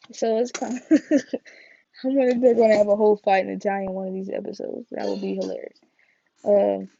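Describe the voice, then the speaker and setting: Chatty woman with a gravelly, dark voice. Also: medium pitch, lo-fi sound. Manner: chatty, rambling, filler-heavy with slangy asides. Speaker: TV review vlogger. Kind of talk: casual chat.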